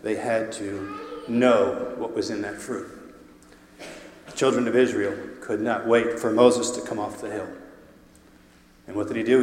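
Speaking in a large hall with a mid-range voice, a man preaches an animated sermon. He shifts his volume and tosses playful asides to the congregation.

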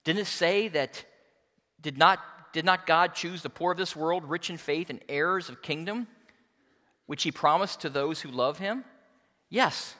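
A man preaching a sermon, reading scripture aloud and explaining it with emphatic, expressive delivery. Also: on the high side, unhurried, big-room sound. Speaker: pastor.

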